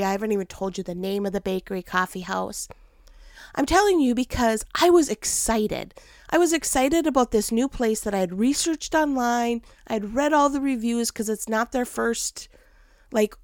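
A woman tells a personal story in a lively, chatty way, laughing often and slipping into little voices for the people in it. Her voice sits in a middle register. The sound is dry and close, with no room echo. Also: mid-range voice. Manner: animated, laughs often, acts out quotes in varied voices. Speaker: mother telling a personal story. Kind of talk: casual storytelling with a life lesson.

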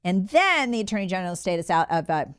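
A woman's voice: fairly low pitch, big pitch swings, racing, smooth. A woman hosting a political commentary show, telling the story in a sarcastic, mocking way.

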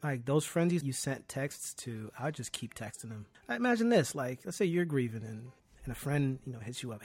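Husky, earnest man telling stories. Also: medium pitch, fairly quick. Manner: earnest, animated storyteller. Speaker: podcast guest. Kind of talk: casual conversation.

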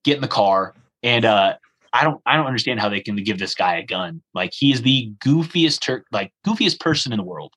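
A man's voice: lowish voice, fairly quick, rough recording. A young man telling a travel story in a casual conversation, acting out the dialogue and using lots of "like" fillers. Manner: animated, acts out the dialogue, frequent "like" fillers.

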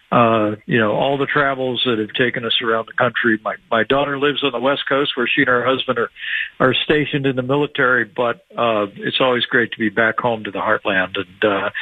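A man's voice: medium pitch, no echo. Earnest man in his sixties on a tinny phone line. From Indiana. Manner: measured, earnest, frequent "uh" pauses. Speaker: guest, former politician. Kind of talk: phone-in radio interview.

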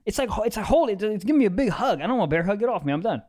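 Young man, podcast co-host, crude animated storytelling, high voice, lively swings in pitch. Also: very fast. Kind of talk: casual comedic chat.

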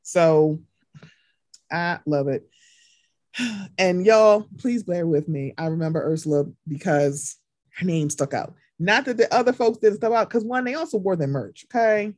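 Woman podcast host, lively storyteller, dry close mic. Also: unhurried, dry recording. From Maryland. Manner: animated storytelling, acts out quotes with big pitch jumps. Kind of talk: casual podcast chat.

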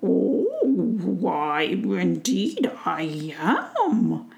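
A woman voicing a friendly old male tree giant, slow and drawn out, in a whispered role-play. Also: lowish voice, very animated, gravelly, dull audio, exaggerated voice. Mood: fond.

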